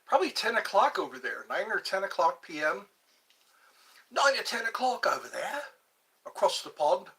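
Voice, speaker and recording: A man's voice: high voice, big pitch swings, moderate pace, pushed and bright. A middle-aged man hosting a livestream, rambling casually to young viewers from a phone on a tripod. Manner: rambling, chats to young viewers, drifts into song snippets. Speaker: livestream host.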